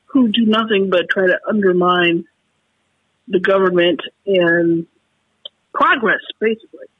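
A woman calling in to a talk radio show, talking in halting, emotional, frustrated bursts with many restarts. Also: medium pitch, slightly rough, dry recording. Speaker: caller. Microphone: telephone. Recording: tinny phone line.

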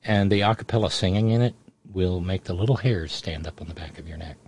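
A man's voice: deep voice, fast, a little mellow, slightly rough. A middle-aged man hosting a radio show, telling a family story in a rambling, digressive way. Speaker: radio host. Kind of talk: casual radio monologue.

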